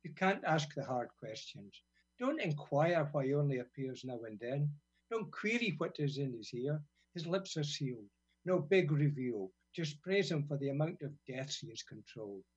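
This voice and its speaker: A man from Britain reading his own poems on community radio, relaxed and wry between blunt, sweary verses. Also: a little high, moderate pace, husky. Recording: dull lo-fi radio sound.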